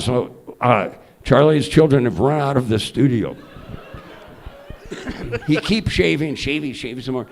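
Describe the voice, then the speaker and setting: An older man, a journalist and honored guest, telling lively, profane anecdotes on stage at an event. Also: mid-range voice, a little slow, gravelly, pauses often. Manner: lively raconteur, salty language. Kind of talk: live anecdotal storytelling on stage. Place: event hall before an audience.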